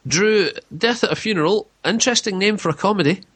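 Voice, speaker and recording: A man's voice: sits high, brisk, fairly bright tone, breathy edge. A man hosting a radio film review, asking wry questions. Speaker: radio show host.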